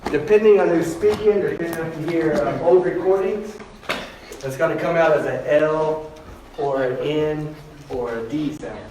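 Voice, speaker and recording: A man in a classroom leads students through sounds, informal and joking. His voice sits a little high and comes from a distance. The room echoes heavily and there is a steady noise underneath. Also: normal speed. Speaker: language teacher. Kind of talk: classroom teaching.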